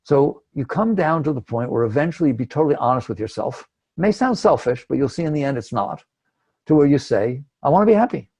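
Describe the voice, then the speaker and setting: A man's voice: mid-range voice, lively intonation, brisk, a little mellow, breathy edge. A man giving a conversational spiritual talk, emphatic and acting out inner thoughts. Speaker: spiritual teacher.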